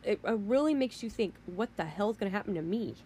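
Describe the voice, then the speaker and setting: A woman's voice: medium pitch, lively intonation, brisk, dark tone, slight background noise. A woman hosting a podcast, ranting in an indignant, heated way with mild swearing and frequent restarts. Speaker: podcast host. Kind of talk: casual rant.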